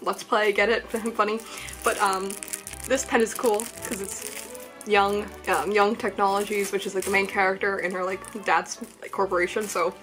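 A young woman chatting excitedly as she unboxes a package at home, rambling with lots of "like" and "um", filmed on a small tripod camera. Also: medium pitch, moderate pace, faint music behind. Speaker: vlogger. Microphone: camera on mini tripod.

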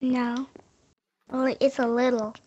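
Excitable higher-voiced woman gamer. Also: dull audio. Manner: excitable, quick reactions, repeats herself. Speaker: gaming channel host. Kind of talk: casual chat while playing a video game.

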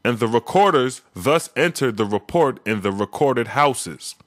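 A man reading scripture aloud in a measured, solemn way, adding his own commentary between verses. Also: mid-range voice, expressive, fairly bright tone, no room sound, clean studio sound.

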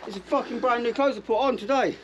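A man's voice: very high voice, quick pace, muffled recording. A man with a London accent, aggressive and threatening, talking outdoors on a driveway and caught on a filming camera. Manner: aggressive, threatening, keeps saying "mate". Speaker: car owner.

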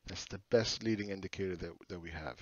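A middle-aged man talks through market charts in a blunt, profane, mocking way. His voice sits fairly low and the sound is dry, with no room echo. The recording is dull and lo-fi. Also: quick pace. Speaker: market commentator. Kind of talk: casual chart commentary.

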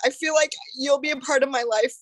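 Emotional, high-voiced woman in her thirties. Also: fairly even intonation, no echo. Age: 30s. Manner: emotional, earnest, halting. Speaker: caller on a group call. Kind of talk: heartfelt thank-you. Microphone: video call.

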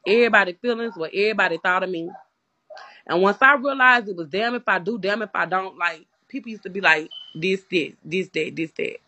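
A woman chatting casually on her vlog, blunt and given to emphatic bursts. Her voice is bright and forceful, and her pitch sits in a middle range. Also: fast, dry recording. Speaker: vlogger. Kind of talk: casual chat.

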